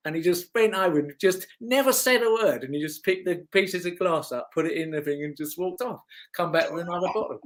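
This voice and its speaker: A man's voice: sits high, brisk. A middle-aged man, a former motocross racer telling rambling, chatty stories as an interview guest. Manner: rambling, chatty, with restarts and chuckles. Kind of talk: casual anecdotal storytelling.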